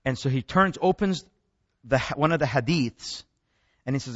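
A man's voice: mid-range voice, animated, moderate pace, long pauses, fairly bright tone, no room sound, lo-fi sound. A man giving a rambling talk to an audience, often restarting words and breaking off into asides. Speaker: speaker. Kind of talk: lecture.

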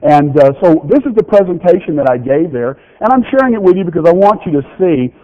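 In a dull, lo-fi church recording, a middle-aged pastor with a fairly high, animated voice talks fast and folksily with his congregation. He reads out children's notes and tosses questions back to the room.

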